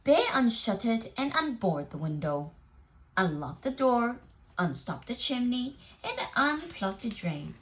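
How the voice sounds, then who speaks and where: A woman reading a children's picture book aloud, very expressive and lingering on phrases. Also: on the high side, unhurried. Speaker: storyteller.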